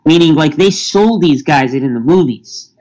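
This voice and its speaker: A man's voice: on the high side, animated, moderate pace, darkish tone, poor audio. A man in casual podcast chat, talking in an emphatic, insistent way. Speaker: podcast guest.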